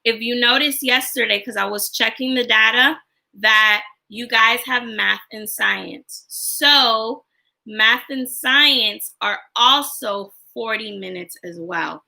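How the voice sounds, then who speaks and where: Gravelly, bright-voiced woman teacher. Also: on the high side, slow pace. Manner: explains step by step with fillers and restarts. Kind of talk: livestreamed class announcements.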